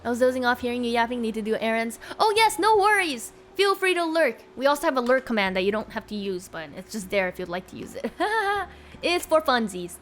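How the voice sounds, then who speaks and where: A woman's voice: on the high side, sing-song, a little fast, slight background noise. A young woman streaming live, chatting casually and giggling with her viewers. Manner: giggly, bubbly, chats with viewers.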